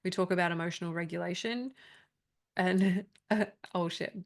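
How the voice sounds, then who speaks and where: Woman coach in her thirties, low gravelly voice, candid and chatty, online video call. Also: steady tone, moderate pace. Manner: candid, chatty, laughs often. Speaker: trauma coach. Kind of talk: live online workshop talk.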